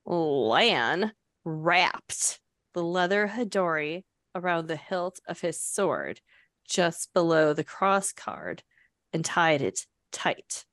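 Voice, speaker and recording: A woman chats through a fantasy novel on a podcast, reading passages aloud and breaking off with laughing asides. She talks slowly and deliberately. The sound is dry and close. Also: lowish voice, very animated, a bit bright, no room sound. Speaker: podcast co-host recapping a novel. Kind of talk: casual book recap chat.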